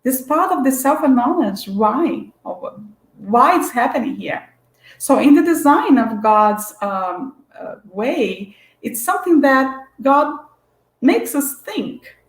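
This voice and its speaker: A woman's voice: a little high, sing-song, unhurried. A woman giving a spiritual lecture in an earnest, searching way, with frequent restarts and fillers. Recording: echoey room.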